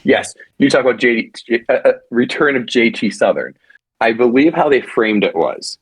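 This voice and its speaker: A man co-hosting a casual podcast chat, rambling and animated, with frequent restarts and swearing. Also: medium pitch, moderate pace, husky, dry recording. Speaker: podcast co-host.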